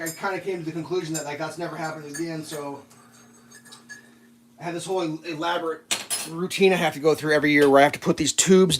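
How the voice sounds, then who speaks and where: A man's voice: on the high side, background noise. Chatty man telling stories while cooking. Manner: storytelling, chatty, laughs at own stories. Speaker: vlogger cooking breakfast. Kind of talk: casual rambling chat while cooking.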